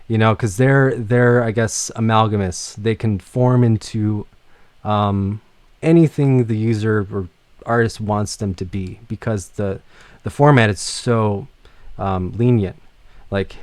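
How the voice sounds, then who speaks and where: A man's voice: lowish voice, no echo. A man teaching music production in a casual livestream lecture, rambling with many fillers and some swearing.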